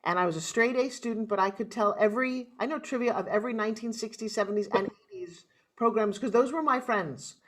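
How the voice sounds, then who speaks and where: Middle-aged woman, New York accent, lively motivational storyteller, podcast guest. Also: fairly high pitch, quick pace. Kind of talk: interview storytelling.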